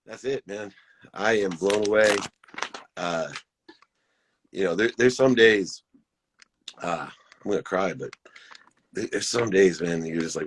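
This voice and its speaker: A man's voice: sits low, fairly even intonation, a little slow, long pauses, slight background noise. A man hosting a live-stream motivational talk, earnest and emphatic, repeating his key phrases.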